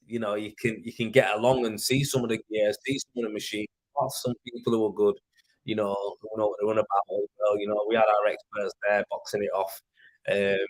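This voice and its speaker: A man's voice: lowish voice, low-quality recording. A man with a Yorkshire accent hosting a casual livestream, rambling and chatty as he reads viewer comments. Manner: rambling, chatty, with fillers and swearing. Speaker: livestream host. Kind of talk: casual live chat reading viewer comments. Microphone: plugged-in desk mic.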